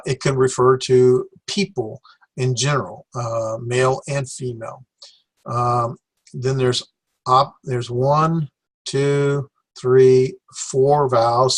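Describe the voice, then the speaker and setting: Slow, hesitant male Greek teacher. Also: mid-range voice. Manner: slow, with many fillers and self-corrections. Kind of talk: classroom lecture.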